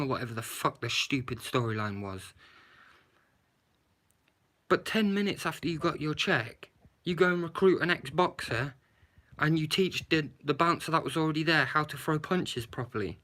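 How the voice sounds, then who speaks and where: A man's voice: on the high side, expressive, moderate pace, pushed and bright. A man doing a live-streamed movie review from his phone, ranting with lots of swearing and rhetorical questions. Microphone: handheld phone camera, shaken while talking.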